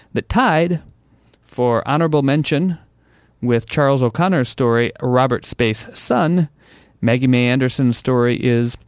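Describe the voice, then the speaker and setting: A man hosting a radio show, introducing recorded stories in a relaxed, conversational way. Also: mid-range voice, no room sound, studio quality. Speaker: radio host.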